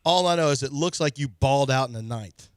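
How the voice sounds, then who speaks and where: A man co-hosting a sports radio show, animated and joking in casual talk. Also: medium pitch, a little fast, clean tone, no room sound, clean studio sound. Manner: animated, joking, slips into playful mock voices. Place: radio studio. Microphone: studio mic.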